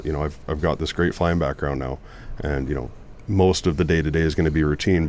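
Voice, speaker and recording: A middle-aged man, an air traffic controller, telling stories earnestly in a casual panel talk. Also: a bass voice. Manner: earnest, storytelling with many restarts.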